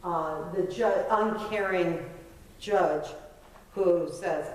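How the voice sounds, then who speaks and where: A middle-aged woman pastor delivers a sermon slowly and conversationally, in a voice on the low side, blending self-deprecating asides with emphatic points. She's recorded from far off in a very echoey church sanctuary where her words ring out.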